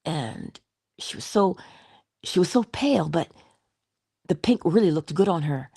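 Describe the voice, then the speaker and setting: A woman giving a spiritual motivational talk in a soft-spoken way, often dropping into whispers, with playful, affectionate asides. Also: on the low side, animated, measured pace, vocal fry, slightly rough, no echo, clean studio sound. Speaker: inspirational speaker.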